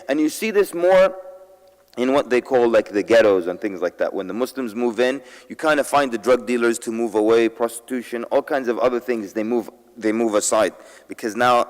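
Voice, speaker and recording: Man lecturing in a big reverberant hall. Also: medium pitch. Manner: lively storytelling, asks the crowd questions. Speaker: convention speaker. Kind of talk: lecture to a live audience. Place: large convention hall.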